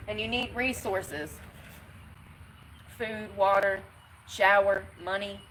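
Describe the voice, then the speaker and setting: A woman's voice: mid-range voice, steady tone, slow pace, noisy background. A woman chatting bluntly and fiercely to her livestream viewers, sounding worn out. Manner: blunt, fiery, talks back to chat. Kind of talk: casual livestream chat.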